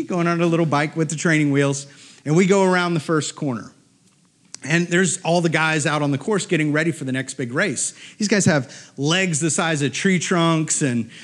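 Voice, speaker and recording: A middle-aged man tells a story on a live stage. His voice sits a little high, and he swings it up and down as he acts out the people in his story.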